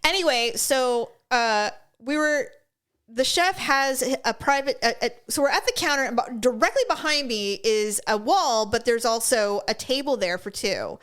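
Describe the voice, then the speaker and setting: A woman's voice: normal speed, smooth. A middle-aged woman co-hosting a podcast, telling stories in casual chat and acting out the people in them. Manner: animated storyteller, acts out people with big pitch jumps. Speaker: podcast co-host.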